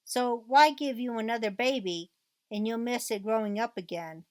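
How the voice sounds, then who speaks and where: A woman's voice: a little high, normal speed, a little mellow, no room sound, lightly acted. A woman reading the lines of a bitter, ranting divorced mother from a transcript, in a mostly plain reading voice with little acting. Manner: reads quoted rant aloud in a mostly plain voice.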